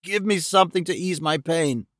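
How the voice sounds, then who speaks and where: A man voicing a male detective pretending to be dying, speaking faintly and slowly with gasps. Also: on the high side, fairly bright tone, no echo, clean studio sound, lightly acted. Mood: feeble. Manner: faint, gasping, slow.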